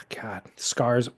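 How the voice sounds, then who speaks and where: A man co-hosting a podcast in casual chat, easygoing and wry, stretching his thoughts into long asides. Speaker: podcast co-host.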